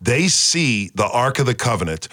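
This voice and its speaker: A man's voice: mid-range voice, very animated, normal speed, bright, forceful tone, dry recording, studio quality. A man leading a casual Bible study discussion, quizzing the group with questions and repeating key words as he teaches.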